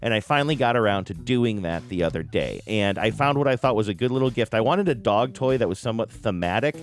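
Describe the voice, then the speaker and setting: A man's voice: lowish voice, expressive, fast, soft background music. A middle-aged man hosting a podcast, telling a story in a casual, self-deprecating way and raising his voice when he quotes people. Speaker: podcast host.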